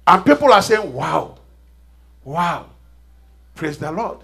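A man's voice: high-pitched, lively intonation, unhurried, vocal fry, fairly bright tone, slightly rough. A middle-aged man preaching a sermon, leading call-and-response and repeating phrases with rising intensity. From Nigeria. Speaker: pastor.

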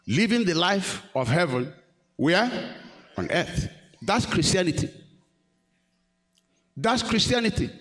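Man preaching, slightly high voice, keeps asking the crowd questions and building up. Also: sing-song, a little slow, fairly bright tone. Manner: call-and-response, questioning the congregation; rising to emphatic peaks. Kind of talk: sermon.

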